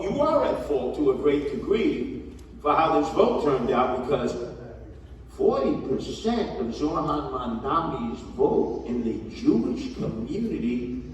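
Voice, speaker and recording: A man's voice: a little high, darkish tone. A man giving a blunt, emphatic campaign speech to a community gathering, scolding the crowd. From New York. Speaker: mayoral candidate. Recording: echoey hall from far off.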